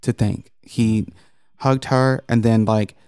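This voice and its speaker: A man co-hosting a podcast, telling a story in casual chat, animated and profane, jumping into high mocking quotes. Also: takes it slowly, clear, resonant tone, no room sound, studio quality.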